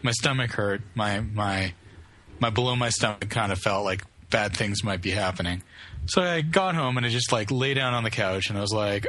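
A man's voice: lowish voice, moderate pace, bright, forceful tone. A man co-hosting a casual podcast, rambling through a story with many restarts. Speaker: podcast co-host. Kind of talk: casual chat.

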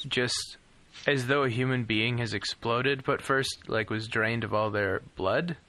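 A man's voice: mid-range voice, a little slow, sharp tone. A man co-hosting a casual podcast, talking in a dry, sardonic way. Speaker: podcast co-host. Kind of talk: casual chat, reading film credits.

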